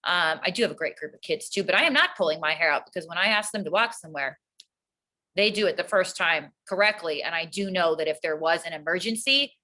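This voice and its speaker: Earnest woman teacher, bright voice. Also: lowish voice, rough recording. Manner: earnest, calm, explanatory. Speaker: teacher, guest. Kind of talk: casual interview answer.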